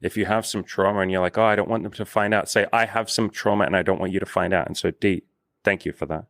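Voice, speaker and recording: Deep-voiced earnest man, dry close sound. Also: fairly even intonation, gravelly, fairly bright tone, no room sound. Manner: earnest, affirming, measured. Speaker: dating coach and host. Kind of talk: casual podcast conversation.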